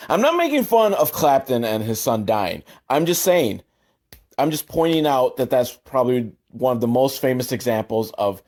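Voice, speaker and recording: Casting note: male host, mid-pitched, sarcastic rambling movie riffs, lots of "like" and "um". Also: a little mellow. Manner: rambling, sarcastic, self-deprecating asides. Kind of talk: casual comedic movie commentary.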